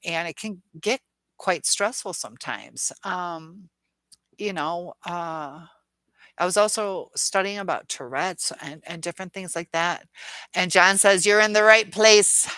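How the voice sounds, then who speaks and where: A middle-aged woman with a bright, forceful voice that sits fairly low, hosting a casual live stream. She chats freely, reads viewers' comments aloud and laughs often. The sound is dry and close, with little room around it. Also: a little slow, no echo. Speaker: live chat host.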